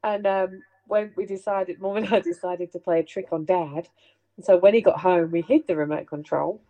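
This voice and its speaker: A middle-aged woman hosting a casual chat, telling family anecdotes in an animated way and laughing along. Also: on the low side, moderate pace, dull audio. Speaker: host sharing family memories.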